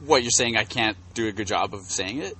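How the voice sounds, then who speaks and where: A man co-hosting a casual podcast outdoors on the grass, telling stories in a rambling, halting way with lots of restarts. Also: fairly low pitch, sharp tone, a little hiss or hum. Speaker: podcast co-host. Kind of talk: casual chat. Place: outdoors on grass in a field full of bugs.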